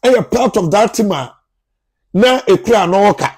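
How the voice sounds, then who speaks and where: A Ghanaian man with a notably high-pitched voice delivers football transfer updates for his own channel. He keeps it chatty and lively and addresses his viewers like family members gathered around. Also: moderate pace, breathy edge. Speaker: sports journalist, YouTube channel host. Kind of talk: casual sports transfer news vlog.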